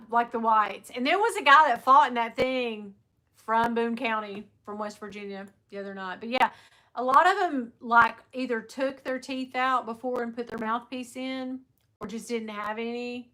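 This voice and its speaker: A middle-aged woman talks casually to her livestream viewers, spinning animated stories and slipping into quick impressions of people. Her voice sits a little high and rings bright and forceful. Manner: animated storyteller, laughs often, mimics people. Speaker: livestream host.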